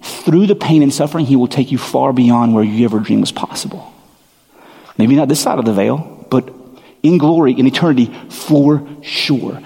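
A man's voice: mid-range voice, normal speed, vocal fry, dark tone, breathy edge. A man preaching a sermon as a pastor, earnest and emphatic, often repeating his phrases for weight. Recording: long hall reverb.

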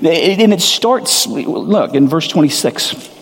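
Higher-voiced man preaching in an echoing hall. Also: lively intonation, takes it slowly. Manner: conversational, candid, self-deprecating. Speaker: pastor. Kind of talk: sermon with scripture reading. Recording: long reverb of a large hall.

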